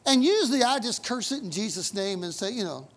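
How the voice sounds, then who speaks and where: A man's voice: sits high, lively intonation, brisk, a bit bright. A man preaching a sermon in a conversational, folksy way, telling stories with emphatic asides. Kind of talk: storytelling sermon.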